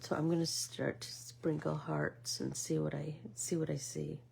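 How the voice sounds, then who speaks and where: A middle-aged woman vlogger chatting casually as she makes art, telling a rambling story with many fillers and now and then dropping to a soft whisper. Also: low-pitched, level tone, moderate pace, gravelly, slight background noise. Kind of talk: casual chat while making art.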